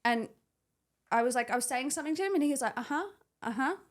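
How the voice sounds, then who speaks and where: A young woman co-hosting a podcast, telling animated stories with lots of swearing and acted-out quotes. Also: high-pitched, fast talker. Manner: animated storytelling, acts out quotes, swears freely. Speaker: podcast co-host. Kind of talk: casual chat.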